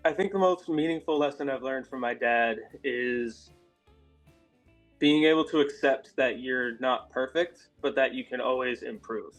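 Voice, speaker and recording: A man's voice: medium pitch, a little slow, soft background music. An American man from Massachusetts, a guest in a casual interview, chatting in a friendly, rambling way. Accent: American English. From Massachusetts, USA. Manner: friendly, rambling with fillers and laughs.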